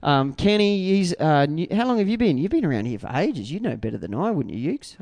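An Australian man in a band, talking in a rambling, excitable way with many restarts in a casual interview. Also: fairly high pitch, a little fast, creaky, no room sound. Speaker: band member.

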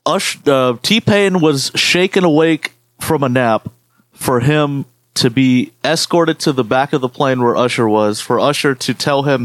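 A man's voice: mid-range voice, unhurried, no echo. A man co-hosting a podcast, telling rambling stories in casual chat with lots of swearing. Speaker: podcast co-host.

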